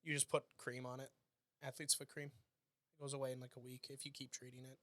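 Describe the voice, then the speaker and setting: A man's voice: mid-range voice, level tone, fairly quick, bright, forceful tone, no room sound. A Canadian man co-hosting a podcast in laid-back casual chat, laughing often. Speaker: podcast co-host.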